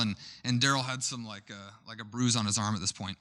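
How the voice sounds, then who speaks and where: A young male pastor with a bright, forceful tone preaches a sermon. He talks conversationally, drifting into a personal story, often restarting his phrases as he goes. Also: mid-range voice, fairly quick.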